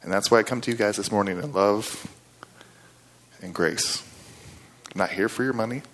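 Middle-aged guy preaching, kinda low voice, chatty and folksy, gets louder and higher when he leans into a point. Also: moderate pace. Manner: conversational, with folksy asides and rising emphasis. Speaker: guest preacher. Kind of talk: sermon.

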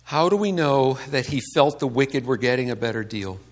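A man's voice: medium pitch, animated, normal speed. A man giving a conversational sermon to a congregation, asking rhetorical questions and acting out the complaints he quotes. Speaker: pastor.

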